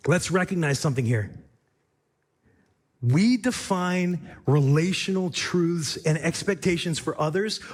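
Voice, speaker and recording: High-voiced, unhurried male preacher. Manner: emphatic, rhetorical repetition. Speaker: pastor. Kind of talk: sermon.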